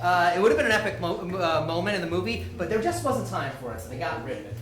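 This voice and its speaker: A woman's voice: fairly low pitch, expressive, very fast. Bubbly woman hosting an improv show. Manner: bubbly, keeps saying awesome. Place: comedy club stage. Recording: echoey club, distant mic, crowd and music.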